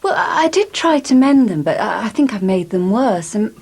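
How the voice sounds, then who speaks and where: Polite flustered middle-aged lady, husky voice. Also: medium pitch, big pitch swings, normal speed, darkish tone. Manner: polite, slightly flustered, with nervous laughs. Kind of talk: 1990s TV soap acting.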